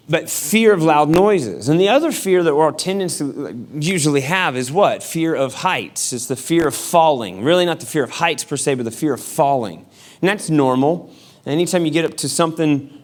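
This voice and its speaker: A male pastor giving a sermon in a casual, joking storytelling manner. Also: a little high. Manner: casual, humorous storytelling with acted-out quotes.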